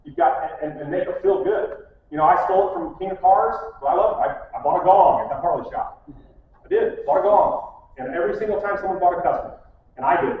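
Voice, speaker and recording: A man's voice: on the high side, fairly quick, a little hiss or hum. A middle-aged man giving a casual conference talk, blunt and full of stories, acting out the people he quotes. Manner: blunt, storytelling, acts out quotes. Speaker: conference speaker. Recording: echoey hall from far off, phone-like.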